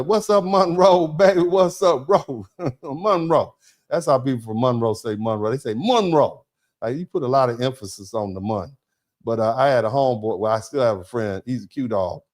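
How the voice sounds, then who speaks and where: A man hosting a live online show, thanking viewers by name and reading their chat comments. He talks in a conversational, emphatic way, often asking "you see what I'm saying", with halting restarts and drawn-out fillers. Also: mid-range voice, a little mellow. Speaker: host of a live show, a lawyer.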